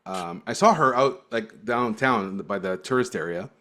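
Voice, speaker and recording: A man's voice: on the low side, animated, a little slow, bright, forceful tone. A man co-hosting a podcast, telling stories in casual chat with frequent laughter and restarts, from Cyprus. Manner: storytelling, laughs often, restarts. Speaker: podcast co-host.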